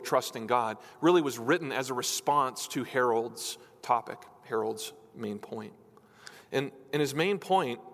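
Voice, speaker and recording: A man's voice: mid-range voice, fairly bright tone. A man preaching a sermon as a pastor, talking earnestly and pleading, his voice lifting on questions. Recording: long hall reverb.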